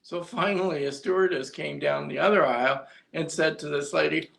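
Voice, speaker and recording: Gravelly man telling a rambling story. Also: a little high, steady tone, brisk, few pauses, fairly bright tone. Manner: rambling storyteller, many fillers and restarts. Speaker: co-host. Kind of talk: casual live-stream chat.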